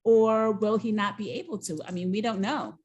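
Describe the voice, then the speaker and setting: A woman co-hosting a casual recap show, telling the story with lively, acted-out dialogue. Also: mid-range voice, normal speed. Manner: animated storyteller, acts out quoted dialogue.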